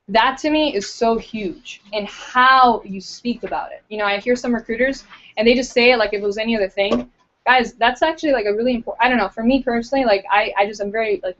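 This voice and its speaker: A woman recruiter coaching a small group in a casual, chatty way, full of fillers, acting out interview lines as she goes. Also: a little high. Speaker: recruiter giving training. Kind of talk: casual training talk to a group. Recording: dull lo-fi recording.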